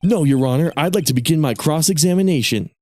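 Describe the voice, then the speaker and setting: Man putting on a high, jittery young lawyer, anime-hero style. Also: animated, quick pace, darkish tone, no room sound. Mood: nervous. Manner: anime-protagonist delivery.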